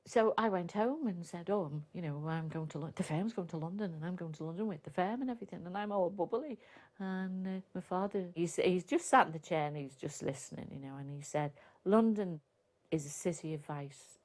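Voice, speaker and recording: A woman's voice: lowish voice, fairly quick, a little mellow. An older woman with a Liverpool accent, telling stories in an interview and acting out the voices of people she quotes. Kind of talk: reminiscing interview.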